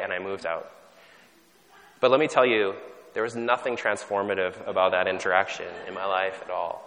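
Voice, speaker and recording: A man's voice: mid-range voice, fairly bright tone. A man from Canada preaching a sermon in a conversational, self-deprecating way, often restarting his sentences. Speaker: pastor. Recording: long hall reverb.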